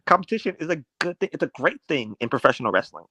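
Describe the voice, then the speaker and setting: A man's voice: fairly high pitch, very animated, fast talker, pushed and bright, breathy edge, no room sound. A man with a slightly raised voice argues his points bluntly in a casual podcast chat. His dry, close recording has no room sound. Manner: blunt, matter-of-fact arguing. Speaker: podcast co-host.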